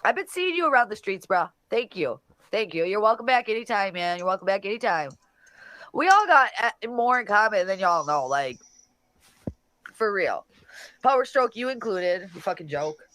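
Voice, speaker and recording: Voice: mid-range voice, sing-song, moderate pace, bright, forceful tone. A solo livestream host reading chat comments aloud and answering them in a blunt, profane, combative way. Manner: talks back to chat comments directly.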